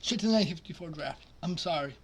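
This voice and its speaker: A man commenting casually on a basketball simulation, muttering quietly at times and then breaking into loud, excited outbursts. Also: a little high, racing, slightly rough. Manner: excitable, swings from mumbled asides to loud outbursts. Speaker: simulation gaming streamer.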